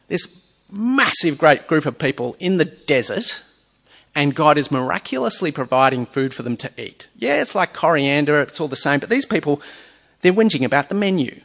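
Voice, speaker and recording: A man's voice: on the high side, gravelly, fairly bright tone. A man preaching a sermon, reading scripture aloud and asking his listeners earnest rhetorical questions. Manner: reads scripture aloud between explanations. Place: church or hall with a screen.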